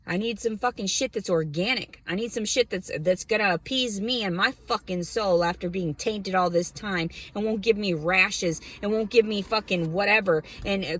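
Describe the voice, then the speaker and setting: A woman's voice: medium pitch, fairly bright tone. A woman vlogger ranting to camera about her life, blunt, heated and full of profanity. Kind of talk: angry personal rant to camera.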